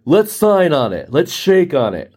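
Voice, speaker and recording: A man's voice: a little high, sing-song, a little slow, darkish tone, breathy edge, pitched above the performer's own voice, full character voice. A man voicing an overeager male salesman who keeps pushing to close the deal. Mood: eager pitch. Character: pushy fast-pitching adult male salesman.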